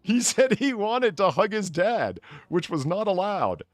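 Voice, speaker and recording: A man's voice: high voice, sing-song, measured pace, no room sound, soft background music. A man hosting a casual podcast, reading odd news stories aloud, laughing often and tripping over words. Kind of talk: casual chat.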